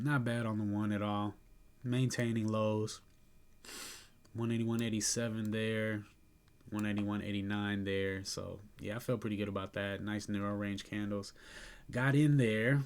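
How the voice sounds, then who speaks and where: A sleepy, yawning man casually talking through his day trades, relaxed and chatty, thinking aloud with fillers and soft laughs. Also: fairly low pitch. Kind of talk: casual screen-recorded trade review.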